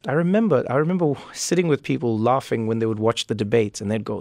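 A man from Africa, a comedian giving thoughtful, animated interview answers in his thirties. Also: mid-range voice, fast, hardly any pauses, no echo, clean studio sound. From South Africa. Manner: thoughtful, animated, frequent restarts. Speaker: comedian and talk show host as guest. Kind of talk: reflective conversational interview answers.

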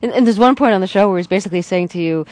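A radio host interviewing a guest, asking long, measured questions. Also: mid-range voice, a little mellow, dry recording.

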